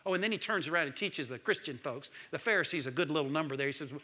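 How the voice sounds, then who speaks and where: A man, preaching a sermon as pastor, swinging between loud calls and hushed lines. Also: a little high, lively intonation, quick pace.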